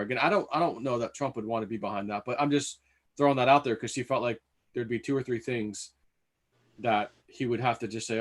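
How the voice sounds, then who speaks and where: Man, average pitch, loose thinking-aloud host of a casual live chat. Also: expressive, a little fast.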